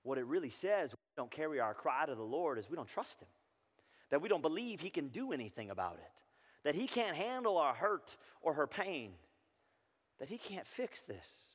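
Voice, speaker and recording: A pastor preaching a sermon, moving between loud impassioned scripture reading and soft, hushed encouragement. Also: male voice, a little high, big pitch swings, moderate pace. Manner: swings from loud impassioned reading to soft near-whispered intimacy. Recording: long hall reverb.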